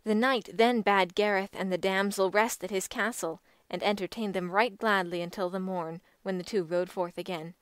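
A woman narrating an audiobook tells an old legend from a script, keeping her delivery measured and expressive. Her middling, smooth, clear voice comes through a close, dry recording that has no room sound.

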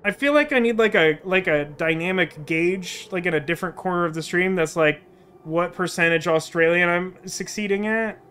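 A man's voice: high-pitched, moderate pace, bright, forceful tone, clear, resonant tone. A young man chatting through a game as host, self-mocking and trying out character voices. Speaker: let's play host. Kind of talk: casual gameplay commentary.

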